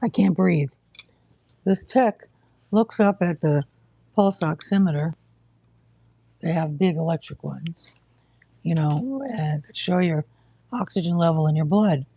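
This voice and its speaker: Gravelly, short-of-breath live-stream talker. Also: mid-range voice, measured pace, pauses often, warm tone, dry recording, dull audio. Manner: blunt, exasperated, lecturing. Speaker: livestream host telling of hospital care. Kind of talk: casual live-stream monologue.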